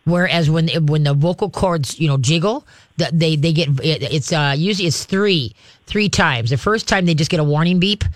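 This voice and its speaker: This radio host, a dog trainer fielding calls for advice, has a voice on the high side and speaks at a normal speed. His manner is folksy and homespun, with animated demonstrations, and the recording is dry and studio quality.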